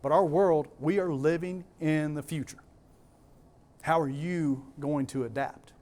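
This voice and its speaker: A man's voice: fairly high pitch, steady tone, measured pace, a little mellow. Emphatic Southern man giving a keynote. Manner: emphatic, repeats key words, asks the crowd questions. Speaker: conference speaker. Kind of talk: keynote talk to a live audience.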